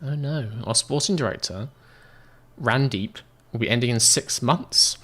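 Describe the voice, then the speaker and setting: A man's voice: mid-range voice, unhurried, fairly bright tone. A man giving casual gameplay commentary as a game streamer, in a sarcastic, self-mocking and joking way.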